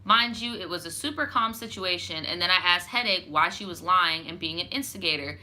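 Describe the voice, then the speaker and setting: A woman's voice: fairly low pitch, lively intonation, a little fast, bright, forceful tone. A young woman reading a viewer's story aloud, breaking off for frank, profane, sassy commentary full of "like". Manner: frank, profane, sassy asides, heavy use of "like". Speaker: storytime channel host.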